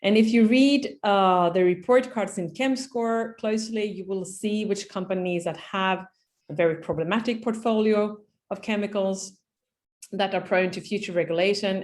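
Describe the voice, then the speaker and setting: Woman presenting policy slides, measured. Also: on the low side, darkish tone. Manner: measured, with frequent fillers and restarts. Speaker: policy speaker at a webinar. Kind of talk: presenting slides in an online webinar.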